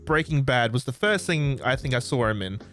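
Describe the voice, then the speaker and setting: An Australian man hosting a podcast, chatting excitedly and rambling, often losing track of names. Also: medium pitch, brisk, faint music behind. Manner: excitable, rambling, forgets names mid-sentence. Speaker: podcast host. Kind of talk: casual chat. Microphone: desk microphone.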